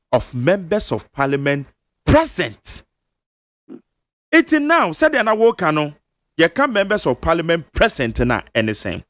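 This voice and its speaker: In a radio studio, a Ghanaian man hosts a talk show that blends Twi and English, reading legal text and breaking it down step by step with emphasis. His voice is fairly high, and the recording has no room sound.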